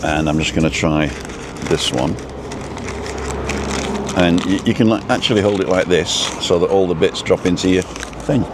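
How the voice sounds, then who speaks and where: A man's voice: sits low, normal speed, pauses often. A man hosting a casual live stream from an outdoor food stop. He rambles between topics and reads out the names of viewers. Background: faint traffic and building work.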